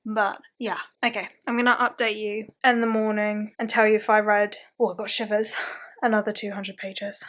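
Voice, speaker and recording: A woman's voice: medium pitch, level tone, moderate pace, a bit bright. A young adult woman, chatting casually in a vlog, rambling and poking fun at herself. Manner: self-deprecating, rambling, thinks aloud. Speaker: book vlogger.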